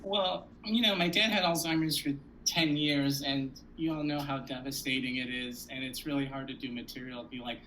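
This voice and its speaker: Bright-toned man telling comic stories on a panel. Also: normal speed, hardly any pauses, slight background noise, low-quality recording. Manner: animated, jumps to loud high outbursts when acting out scenes; profane, conversational, frequent "like". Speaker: comedian panelist. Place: conference panel stage.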